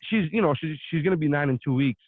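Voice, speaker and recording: A man's voice: a little high, animated, fast, no room sound. Guy rambling thru a story on a podcast, swears a lot, sounds like a thin phone line. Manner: rambling, laughing, swearing freely. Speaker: podcast co-host. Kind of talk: casual storytelling chat.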